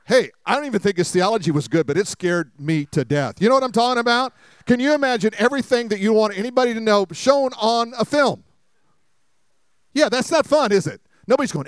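A man's voice: sits high, animated, brisk, clear, resonant tone, dry recording, clean studio sound. A man preaching a sermon, telling funny personal stories and asking the congregation rhetorical questions. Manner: humorous storytelling, many rhetorical questions to the congregation. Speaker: pastor.

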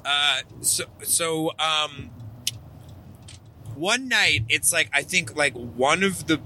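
Excitable man telling a story in a car. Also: a little high, takes it slowly, slight background noise. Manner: excitable, profane, laughs through his story. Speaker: podcast co-host. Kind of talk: animated anecdote telling. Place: inside a moving car.

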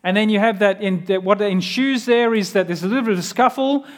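This high-voiced male preacher moves along fairly quickly through his sermon. Rather than sounding grand, he's sincere and chatty, repeatedly engaging the audience with pointed questions.

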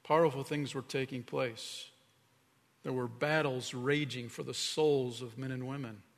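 A man's voice: medium pitch, steady tone, measured pace, vocal fry. Male pastor preaching in a reverberant hall. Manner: earnest preaching, drops to a hushed tone for emphasis. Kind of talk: sermon.

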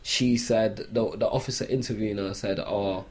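A man's voice: on the low side, steady tone, brisk, a little mellow, breathy edge. A man, telling a long story in a casual podcast chat, full of "like" fillers. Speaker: podcast co-host.

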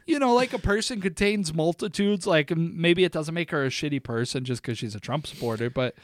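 A man's voice: a little high, brisk. A young man co-hosting a podcast, telling rambling stories and laughing often. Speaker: podcast co-host. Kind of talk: casual chat.

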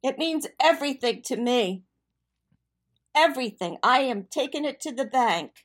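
An older woman chatting as co-host with her son, animated, giggly and emphatic. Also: sits high, normal speed. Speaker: co-host, the host's mother. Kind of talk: casual chat.

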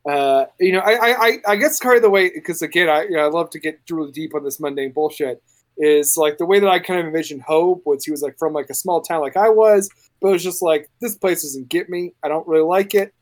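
A man's voice: a little high, fast. A man running a tabletop game in casual podcast chat, rambling and restarting his sentences with enthusiasm. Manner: rambling, self-interrupting, enthusiastic. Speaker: game master.

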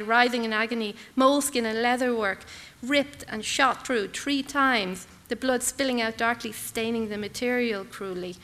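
Woman narrator, bright clear tone, dramatic literary reading in short clipped phrases. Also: on the high side, big-room sound. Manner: measured, intense, clipped phrases. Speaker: reader.

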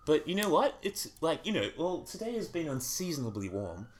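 A man's voice: on the high side, very animated, fairly quick. A man co-hosting a comedy podcast, easygoing and meandering with stumbling restarts. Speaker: co-host. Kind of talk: casual comedy podcast chat.

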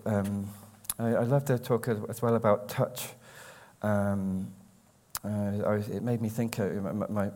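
An English man, a poet, reading his poems slowly and carefully, with hesitant, halting talk between them. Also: on the low side, dark tone. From England. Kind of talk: poetry reading with spoken introductions.

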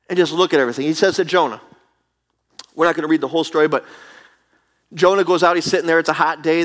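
A man preaching a sermon with animated, emphatic delivery and acted asides, from the United States. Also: fairly high pitch.

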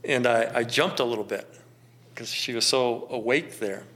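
Gravelly middle-aged man, gently reflective. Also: mid-range voice. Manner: slow, gentle and contemplative, with pauses. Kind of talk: reflective personal storytelling.

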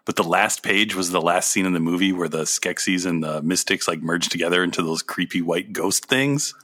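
An enthusiastic male podcast co-host chats casually, laughing easily and filling his talk with "like". His voice is bright and forward. It sits a little low in pitch. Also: normal speed. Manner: enthusiastic, laughs often, says "like" a lot. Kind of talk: casual chat.

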